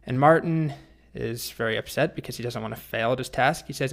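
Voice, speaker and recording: A male programming instructor with a mid-pitched voice. He talks in a relaxed, chatty way and restarts his phrases now and then. His delivery suits a storytelling lesson. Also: brisk, vocal fry.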